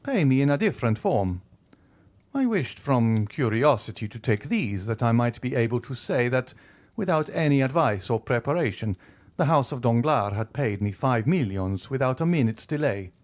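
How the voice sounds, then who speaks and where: A man voicing a wealthy, suave nobleman in an audiobook, speaking with smooth, mocking courtesy. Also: medium pitch, expressive, moderate pace, lightly acted. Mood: ironic. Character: wealthy, suave, coolly ironic male nobleman. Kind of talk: audiobook character reading.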